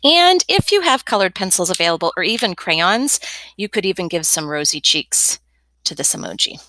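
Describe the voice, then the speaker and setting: A woman's voice: on the low side, animated, moderate pace, sharp tone, no echo. A young woman teaching a step-by-step drawing lesson as an art teacher, chatty and encouraging with playful asides.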